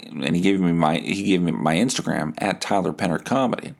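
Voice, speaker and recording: A man's voice: on the low side, moderate pace, creaky. A young man hosting a podcast, telling a story in a casual, profane way and acting out the people he quotes. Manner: profane, animated retelling with quoted voices. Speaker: podcast host.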